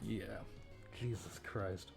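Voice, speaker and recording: A man's voice: lowish voice, steady tone, slow pace, creaky, soft background music. A man chatting casually on a live game stream, joking crudely and laughing often.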